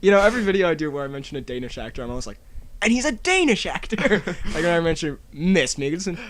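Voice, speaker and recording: A man's voice: on the high side, expressive, rapid-fire. A man co-hosting a podcast, chatting casually and teasing his friend, often laughing. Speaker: podcast co-host. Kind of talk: casual chat.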